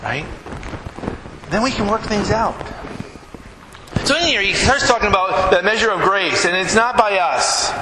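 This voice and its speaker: Male pastor, high-pitched, conversational sermon, echoey church hall recording. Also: lively intonation, measured pace, long pauses. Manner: conversational preaching, frequent "right?" tag questions. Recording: echoey hall with background noise.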